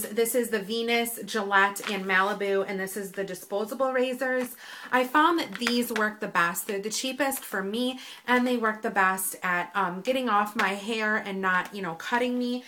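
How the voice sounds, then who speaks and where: A woman's voice: medium pitch, sharp tone, a little hiss or hum. A woman vlogger in her thirties talking casually and candidly to camera, with plenty of fillers. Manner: chatty and candid, with lots of fillers. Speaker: beauty vlogger. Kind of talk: casual vlog talk.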